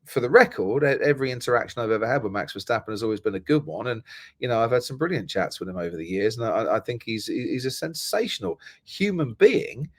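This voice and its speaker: A man's voice: medium pitch, lively intonation, quick pace, no echo, studio quality. Chatty storytelling middle-aged Englishman. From England. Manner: chatty, storytelling, many restarts. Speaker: guest, motorsport commentator. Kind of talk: casual podcast chat.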